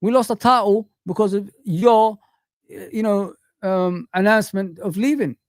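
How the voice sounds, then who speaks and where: A man's voice: sits high, normal speed, no room sound, studio quality. A man hosting a football live stream, ranting in heated street slang as he reads the chat.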